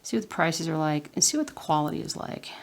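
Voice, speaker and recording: Low gravelly Southern woman. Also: big pitch swings, quick pace. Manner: chatty, muttering to herself, drops into whispers. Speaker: cross-stitch vlogger. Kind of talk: casual chat while stitching. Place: at home.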